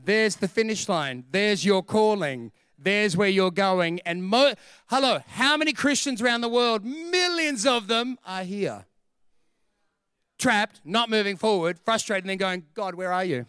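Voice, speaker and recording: A man preaching a sermon as a pastor, animated and storytelling, acting out the voices of the people in his stories. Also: sits high, measured pace, smooth, no room sound, studio quality.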